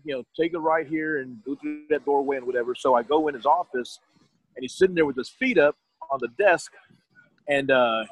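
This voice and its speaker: A man's voice: mid-range voice, breathy edge, no echo, poor audio. A middle-aged man telling his story in a casual, rambling way, often restarting his sentences and quoting others.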